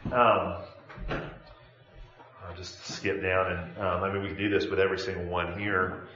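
A man with a low voice teaches a Bible lesson in a classroom and keeps asking his students questions. The room is echoey and the recording sounds dull and lo-fi. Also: level tone, a little slow, sharp tone. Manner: conversational, asks the class questions.

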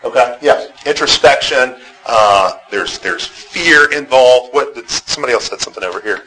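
A man's voice: medium pitch, normal speed, bright, forceful tone, rough recording. A man teaching a Bible class, talking conversationally, asking the group questions and often repeating words as he restarts. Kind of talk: interactive church class lecture.

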